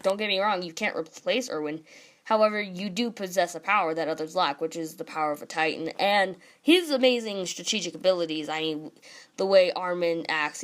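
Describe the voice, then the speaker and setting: A young woman casually recapping and ranting about a manga chapter, full of "like" and quoted lines. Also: fairly low pitch. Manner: chatty, says "like" a lot, reads quotes aloud. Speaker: manga reviewer.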